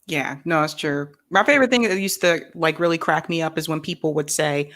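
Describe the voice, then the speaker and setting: A woman's voice: lowish voice, very animated, moderate pace, fairly bright tone. A woman co-hosting a podcast, talking frankly and casually and laughing easily. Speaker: podcast co-host. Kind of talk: casual conversation.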